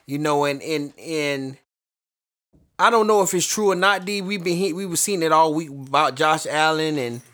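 Brief: hesitant male co-host, somewhat high voice, halting delivery. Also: pushed and bright. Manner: halting, hesitant, many restarts. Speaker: sports show co-host. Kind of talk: casual sports talk.

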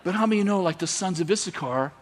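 Man, high voice, sermon, animated, playful character voices. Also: fast talker, a faint crowd, slight background noise. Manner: animated, acts out biblical characters with voices and laughs. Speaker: preacher. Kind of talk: sermon storytelling.

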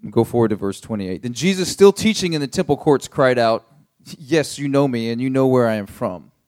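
A man's voice: medium pitch, expressive, fairly quick, a little mellow. A young adult man pastor teaching a Bible passage in a casual, conversational way, paraphrasing with many fillers.

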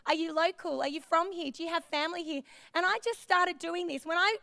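Woman preacher, high voice, gravelly edge, chatty, self-deprecating, dry sound. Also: brisk, pushed and bright, no room sound. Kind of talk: sermon with personal stories. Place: church.

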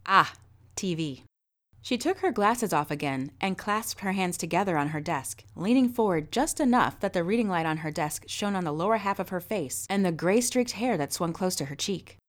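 Calm woman narrating a storybook. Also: on the low side, brisk, few pauses. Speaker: narrator and podcast host.

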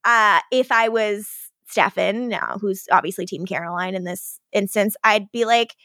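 A woman's voice: medium pitch, no room sound, clean studio sound. A woman co-hosting a podcast, retelling TV scenes in casual chat and acting out the characters' lines. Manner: animated retelling with quick acted-out quotes. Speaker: podcast co-host.

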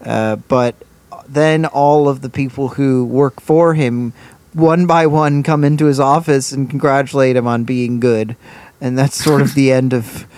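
A man co-hosting a podcast, casually recapping a TV episode in a rambling, animated way full of restarts. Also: mid-range voice, measured pace, no room sound. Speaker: podcast co-host.

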